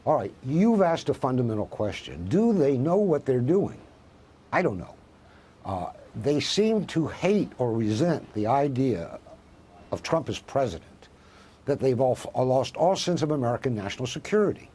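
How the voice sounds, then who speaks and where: A husky-voiced male professor speaks as a news interview guest. His pitch swings widely as he presses his case, posing one rhetorical question after another with emphatic weight. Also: sing-song, normal speed, dark tone.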